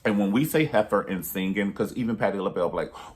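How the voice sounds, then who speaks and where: A man's voice: fairly low pitch, expressive, fast. A man giving a casual movie review monologue, sassy and emphatic, repeating himself for emphasis and dropping pet names.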